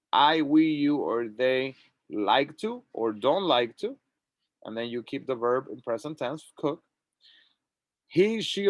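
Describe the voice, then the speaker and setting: Slow, gravelly male English teacher. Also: medium pitch, no room sound. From Latin America. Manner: slow, drawn-out model sentences. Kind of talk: classroom grammar lesson.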